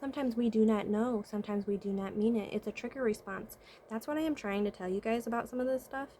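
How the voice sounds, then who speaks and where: A woman vlogger and spiritual consultant talks casually to camera, giving life advice in a mid-range, slightly mellow voice at a quick pace, with slight background noise. She asks rhetorical questions, checks in with "right?", and often hums "mm-hmm" while thinking aloud.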